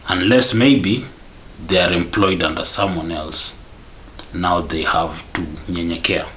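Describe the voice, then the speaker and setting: A man's voice: deep voice, fairly even intonation, unhurried, fairly bright tone, a little hiss or hum. A man with a Kenyan accent ranting to camera in a vlog, emphatic and repetitive, switching between English and Swahili. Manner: emphatic, mixes English and Swahili, repeats points. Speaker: vlogger. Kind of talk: angry rant to camera.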